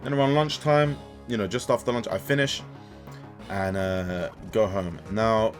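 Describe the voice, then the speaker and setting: A young man in casual gaming commentary, an animated storyteller who swears and keeps tagging "right?" as he vents about coaching. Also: on the low side, unhurried, faint music behind. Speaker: gaming YouTuber and kids' sports coach. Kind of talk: casual ranting commentary over gameplay.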